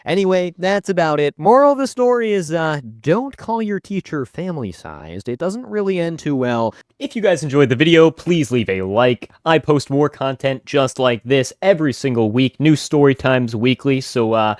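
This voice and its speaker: Animated young man telling a story. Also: on the high side, normal speed, hardly any pauses, no room sound, clean studio sound. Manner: animated, joking, conversational. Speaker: storytime YouTuber. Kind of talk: casual storytime narration.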